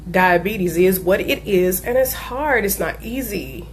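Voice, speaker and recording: A woman's voice: medium pitch, animated, slow, a little hiss or hum. A woman, a diabetes life coach, giving an earnest personal talk and telling a family story with emphasis.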